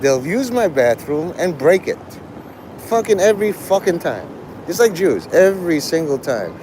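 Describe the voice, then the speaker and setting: A man's voice: a little high, sing-song, moderate pace, darkish tone, a little hiss or hum. A man streaming live and talking with his chat in a provocative, profane, rambling way. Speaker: livestreamer. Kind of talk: casual livestream chat with viewers.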